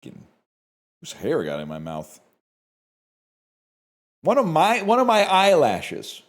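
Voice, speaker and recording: A man's voice: fairly high pitch, slow. A man from Canada chatting live on his stream, ranting and swearing at his chat. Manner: animated, profane ranting to chat.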